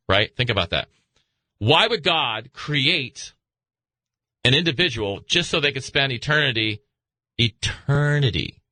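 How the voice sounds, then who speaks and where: A male talk radio host who rambles through a late-night monologue. His voice is very bright and swings widely in pitch. The sound is dry and close. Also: no room sound. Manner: animated, rambling, acts out voices in high pitch.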